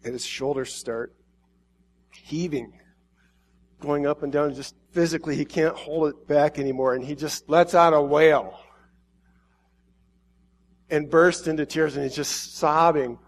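A man preaching an emotional sermon, swinging between hushed pauses and urgent, quickening passages. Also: on the high side, steady tone.

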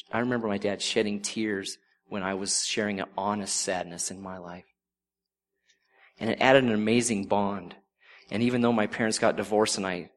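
A middle-aged man giving a sermon with a fairly low voice. He talks in an earnest, conversational way and slows down when he reads scripture aloud. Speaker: preacher.

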